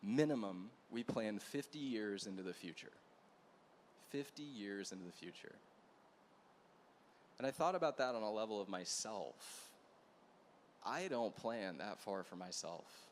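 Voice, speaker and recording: A man preaching as a pastor at a church gathering, telling a story in a conversational, animated way with asides to the room. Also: lowish voice, a little hiss or hum. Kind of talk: storytelling sermon.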